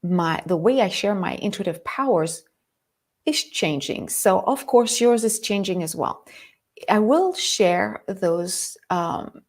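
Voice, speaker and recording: A woman from France with a French accent, hosting a live spiritual talk and greeting viewers by name in an excitable way. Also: mid-range voice, slow. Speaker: host and lightworker mentor.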